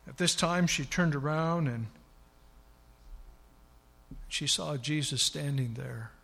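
A male preacher with a fairly high, husky voice retells scripture with dramatic emphasis. His sermon rings out with a long reverb, as in a large hall. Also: takes it slowly, bright, forceful tone.

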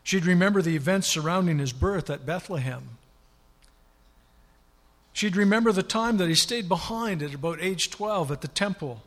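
Retelling scripture with dramatic emphasis, a male preacher speaks in a fairly high, husky voice. A long reverb trails his sermon, as though he were in a large hall.

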